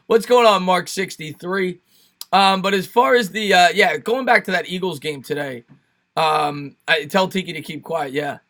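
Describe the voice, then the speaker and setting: A man's voice: sits high, moderate pace, sharp tone. A young man with a New York accent hosting a casual sports live stream, chatting with viewers and thanking them by name.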